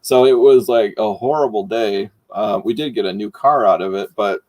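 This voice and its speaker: A middle-aged man from Michigan, hosting and casually telling a story, animated and laughing as he goes. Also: on the low side, moderate pace, no room sound. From Michigan, United States. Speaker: host.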